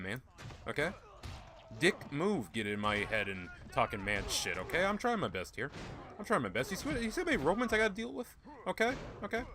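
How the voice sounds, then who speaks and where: A young man giving rambling, joking, profane commentary while playing a video game. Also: mid-range voice. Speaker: gaming YouTuber. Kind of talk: casual gameplay commentary.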